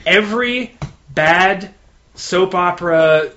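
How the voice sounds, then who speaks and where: A man's voice: sits high, pushed and bright. A man in a casual chat about a TV episode, opinionated and stretching words for emphasis. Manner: opinionated, drawn-out emphatic phrasing. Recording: dull lo-fi recording.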